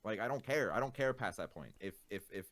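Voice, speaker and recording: A man's voice: on the low side, lively intonation, brisk, fairly bright tone. A male streamer in casual chat, ranting with exasperation, swearing often and leaning on fillers.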